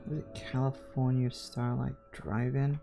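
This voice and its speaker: A man's voice: medium pitch, flat delivery, measured pace, creaky, dark tone, faint music behind. A tired man who keeps yawning, rambling and muttering to himself as he comments on a game he is playing. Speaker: gaming video creator. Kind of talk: let's play commentary.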